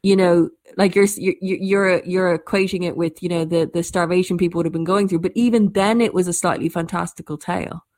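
Quick-talking Irish woman storyteller. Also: lowish voice. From Ireland. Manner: quick, animated bursts with restarts. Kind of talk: casual conversation.

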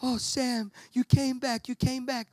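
A man's voice: very high voice, flat delivery, a little slow, dry recording, voice pushed up. A man voicing a weary, fragile young male hobbit who speaks in a shaky, pleading way.

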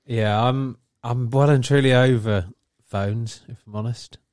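A man's voice: mid-range voice, steady tone, a little slow, darkish tone, no room sound. A man, chatting on a podcast with dry, wry understatement. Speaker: podcast co-host. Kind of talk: casual chat.

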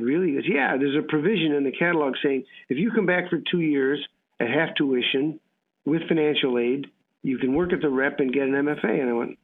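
A man, an actor being interviewed, telling rambling stories and acting out what people said. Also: a little high. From United States. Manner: rambling storyteller, acts out dialogue. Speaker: actor guest. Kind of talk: casual anecdotal interview. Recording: tinny phone-like radio line.

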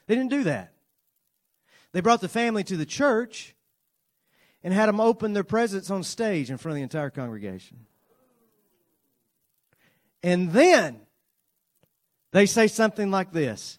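High-voiced man preaching a dramatic sermon. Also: very animated, measured pace, long pauses. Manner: earnest, dramatic swings from loud to soft, playful asides. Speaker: pastor.

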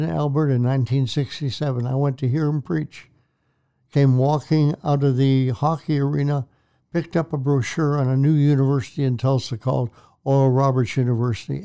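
An older male minister recounts his testimony with earnest, preacherly repetition. His tone is mellow and warm, and the voice comes through smooth and resonant. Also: mid-range voice. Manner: earnest storytelling, preacherly, repeats phrases. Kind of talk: testimony in a Christian talk show interview.

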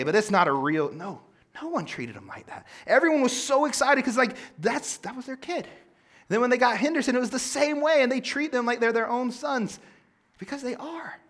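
Young man, high voice, casual conversational preacher, loud emphasis dropping to soft asides. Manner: casual, conversational preaching with many filler likes; swings between loud emphasis and quiet low asides. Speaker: pastor. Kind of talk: sermon.

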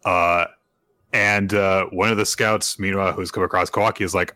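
Guy retelling a manga chapter on a podcast, kinda low voice, lots of uh's and acted-out quotes. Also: moderate pace, no room sound. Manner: animated storytelling, acts out character quotes, many "uh"s. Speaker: podcast co-host recapping manga. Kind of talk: casual chat, retelling a chapter.

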